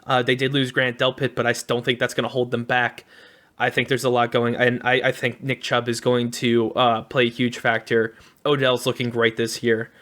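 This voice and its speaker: A man's voice: mid-range voice, completely flat delivery, moderate pace, a bit bright. A man co-hosting a sports podcast, giving enthusiastic opinions in a casual, upbeat way. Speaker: podcast co-host.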